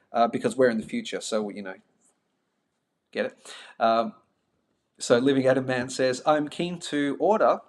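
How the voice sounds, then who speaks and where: Talking directly to his audience, a middle-aged live-streamer with a mild Melbourne accent keeps the chat casual and pokes fun at himself. His voice is mid-range.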